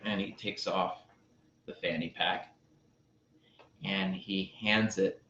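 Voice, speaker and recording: Slow, deliberate male relationship coach. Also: sits low, steady tone, fairly bright tone, slight background noise. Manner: deliberate, with pauses and repeated phrases. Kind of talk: storytelling advice talk. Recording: roomy, slightly dull sound.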